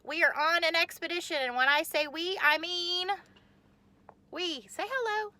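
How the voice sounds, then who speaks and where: A woman hosting an excited vlog, talking into a handheld phone camera on her way to and through a busy market. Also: extremely high pitch, normal speed. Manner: bubbly, squealing with excitement. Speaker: vlog host. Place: car and busy market shop.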